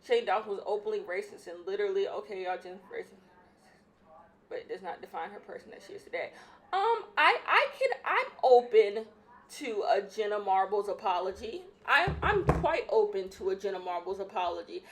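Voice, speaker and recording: A woman's voice: mid-range voice, sing-song, moderate pace. A young woman hosting a casual solo podcast, opinionated and emphatic, repeating her points, a bit out of breath. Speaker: podcast host.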